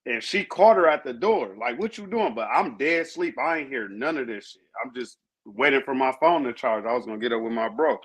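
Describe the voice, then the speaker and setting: A man co-hosting a podcast, telling profane, animated stories and acting out what people said. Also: medium pitch, a little fast, few pauses, breathy edge. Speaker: podcast co-host. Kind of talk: casual chat, storytelling.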